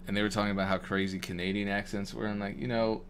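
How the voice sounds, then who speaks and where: A deep-voiced man from Wisconsin, talking loosely and jokingly as a producer on a live stream. He rambles and restarts his sentences often, and a faint hiss sits under his voice. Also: little pitch movement, fast talker. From Madison, Wisconsin. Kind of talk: casual livestream chat.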